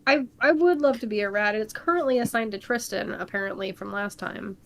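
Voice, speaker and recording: A woman's voice: mid-range voice, brisk, fairly bright tone. A woman co-hosting a comedy reading, chatting casually in a playful way and laughing often. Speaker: co-host. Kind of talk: casual group chat.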